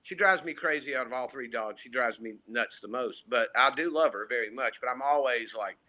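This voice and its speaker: Bright-voiced man telling a story. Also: mid-range voice, brisk. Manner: animated, acts out quotes, frequent fillers. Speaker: podcast co-host. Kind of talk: casual storytelling chat. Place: home, remote call.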